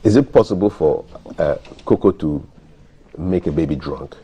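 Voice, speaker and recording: A man hosts a morning TV show, putting questions to a guest in an easy, conversational way. His voice is extremely deep and dark, and he keeps the talk moving with short affirmations. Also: expressive, dull audio, a little hiss or hum. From Ghana. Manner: conversational, affirming, quick interjections. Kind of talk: studio interview on a morning TV show.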